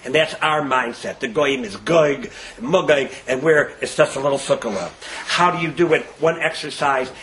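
A man giving a fast, lively sermon-style talk and acting out the people in his stories. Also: slight background noise. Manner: acts out characters with big swings in pitch and loudness; fast-talking. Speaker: religious speaker.

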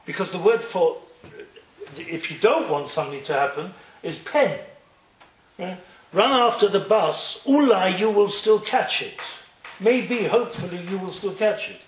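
A man's voice: high voice, lively intonation, measured pace, roomy sound, a little hiss or hum, low-quality recording. A man teaching a Torah class, telling the story with animation, acting out the characters and throwing out rhetorical questions. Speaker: religious teacher.

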